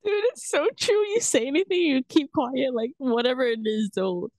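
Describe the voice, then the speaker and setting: A woman's voice: high voice, sing-song, normal speed, darkish tone, no room sound. A woman co-hosting a podcast in easygoing casual chat, laughing often. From Macau. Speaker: podcast co-host.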